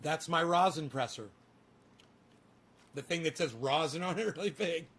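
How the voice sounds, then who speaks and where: A man on a casual livestream, swearing freely and talking to his dog in a high sing-song voice. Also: normal speed, a bit bright, breathy edge. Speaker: streamer.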